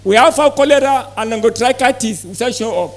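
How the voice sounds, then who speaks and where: A man's voice: very high-pitched, fast. A man giving a live seminar talk to farmers, repeating points and asking the audience questions. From Nigeria. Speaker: sales manager giving a farm talk.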